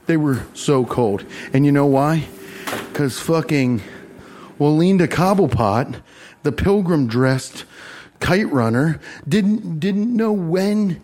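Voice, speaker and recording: A man's voice: a little high, expressive, slow, a little mellow. A man telling a profane, exasperated comedy story, acting out the people he quotes. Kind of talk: stand-up storytelling.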